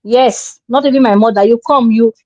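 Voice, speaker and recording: A woman's voice: on the high side, moderate pace, mellow, dry recording. A woman giving emphatic, preachy marriage advice in casual talk, acting out quoted dialogue. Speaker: relationship commentator. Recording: dull dry lo-fi sound.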